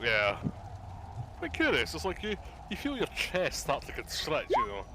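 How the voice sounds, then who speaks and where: A man's voice: fairly high pitch, huge pitch swings, normal speed, background noise. A man, narrating and running a live tabletop game as dungeon master, chatty, with restarts and asides.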